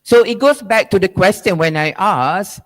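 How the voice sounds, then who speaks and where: At a moderate pace, a man whose voice sits high gives an academic keynote. His lecturing is probing and emphatic, punctuated by rhetorical questions and frequent "right?" tags.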